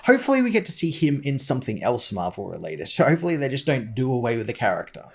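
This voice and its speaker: A man's voice: mid-range voice, wildly swooping pitch, quick pace, gravelly, slightly rough. A man co-hosting a comics podcast in easygoing casual chat, full of "like" and small restarts. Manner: easygoing, many fillers like "like".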